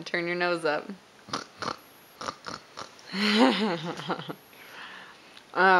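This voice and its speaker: A woman's voice: on the low side, fairly bright tone. A woman at home patiently asking her toddler for animal sounds and signs, praising each try and laughing often. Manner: slow, encouraging, praising with frequent laughs. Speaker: parent.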